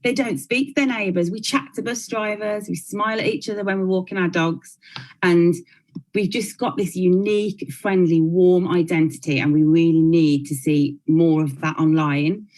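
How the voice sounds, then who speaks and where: A woman's voice: on the low side, steady tone, moderate pace, darkish tone, low-quality recording. A woman in her thirties from Birmingham with a Brummie accent, giving a chatty panel talk full of likes and restarts. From Birmingham, England. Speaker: blogger and panel speaker.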